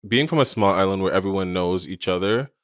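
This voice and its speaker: A man's voice: sits low, brisk, dry recording, clean studio sound. A young adult man from Saint Croix, a podcast guest talking in an easygoing way with frequent ums and laughs. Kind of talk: casual chat.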